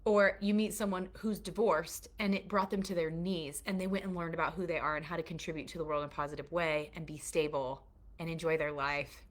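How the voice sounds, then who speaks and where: Earnest woman teaching mothers with faith. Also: fairly low pitch. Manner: earnest and confessional, checks in with her listeners. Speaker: course teacher and mentor to mothers. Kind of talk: heartfelt faith-based teaching to a live online group.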